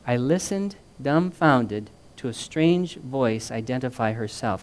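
Male storyteller, middle pitch, reads aloud with animated, acted-out dialogue. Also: moderate pace. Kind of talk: reading a first-person story aloud with asides.

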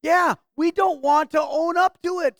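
A woman's voice: very high voice, steady tone, a little slow, dry recording. Woman teaching a bible class, keeps asking the group questions, dry close sound. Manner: asks the group questions and invites answers.

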